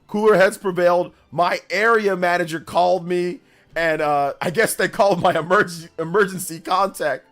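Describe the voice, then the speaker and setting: A man's voice: high voice, normal speed, soft background music. Slangy rambling man streamer. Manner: rambling storyteller, slangy, says "bro" and "like" often; grows loud and animated when telling a story. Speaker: gaming news streamer. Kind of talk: casual livestream chat.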